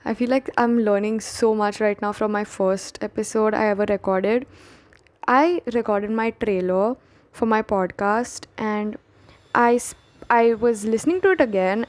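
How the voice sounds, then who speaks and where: A young woman, hosting her own podcast in a candid, chatty, self-deprecating way with quick restarts. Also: a little high, no room sound. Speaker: podcast host. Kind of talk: casual solo podcast talk.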